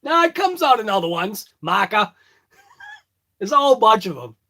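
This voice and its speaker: A man's voice: very high-pitched, very animated, moderate pace, pushed and bright. A man with a thick Boston accent rambling through a jokey morning check-in to his phone camera. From Boston area. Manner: rambling, jokey, self-mocking. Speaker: vlogger. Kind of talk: casual morning check-in chat.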